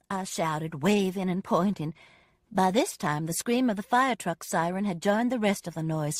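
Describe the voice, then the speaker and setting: A woman narrating a first-person audiobook with expressive, dramatic storytelling. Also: medium pitch, moderate pace, no room sound, clean studio sound.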